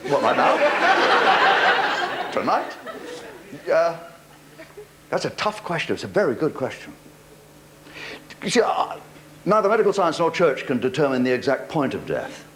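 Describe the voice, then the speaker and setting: A man's voice: fairly high pitch, big pitch swings, moderate pace, pauses often. An older British man doing stand-up comedy with wry, punchline-driven timing, taking questions from a studio audience. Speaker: comedian host. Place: TV studio before a live audience. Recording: loud studio audience laughter, noisy old tape.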